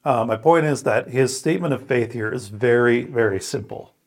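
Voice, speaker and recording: A mid-range, darkish male voice leads prayer and reads scripture aloud on a scripture podcast he co-hosts. His reflections are thoughtful and earnest, with pauses and restarts throughout.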